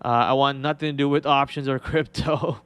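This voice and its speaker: A man's voice: medium pitch, steady tone, fairly quick, fairly bright tone, clear, resonant tone, no room sound. A young man hosting a trading livestream, chatting casually and rambling with many fillers and restarts. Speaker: trading show host.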